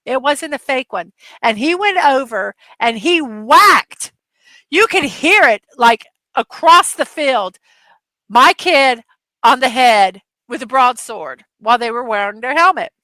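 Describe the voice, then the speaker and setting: A middle-aged woman hosts a casual livestream from her desk at home, her voice sitting a little high and sounding bright and forceful. She rambles through stories with plenty of fillers and laughter. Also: expressive, unhurried, dry recording. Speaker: livestream host.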